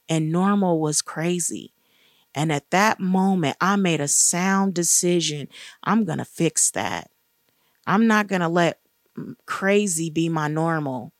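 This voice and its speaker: A middle-aged woman speaks in an earnest, encouraging way as she shares a personal faith testimony. Her voice sits at a middle pitch and is recorded close and dry, with no room echo. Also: creaky. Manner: earnest and encouraging, acts out quoted dialogue with raised pitch. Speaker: guest speaker sharing testimony.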